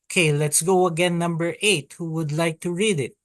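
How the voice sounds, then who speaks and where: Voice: mid-range voice, fairly even intonation, normal speed, dry recording. A teacher leading an online Hebrew alphabet class, patiently repeating vowel sounds and calling on students to read. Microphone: video call.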